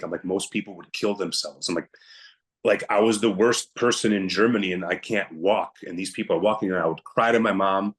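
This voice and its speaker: Speaking briskly, a young male podcast guest with a very deep voice tells a difficult story from his own life. His manner is blunt and forceful, and he frequently reenacts the words he used at the time.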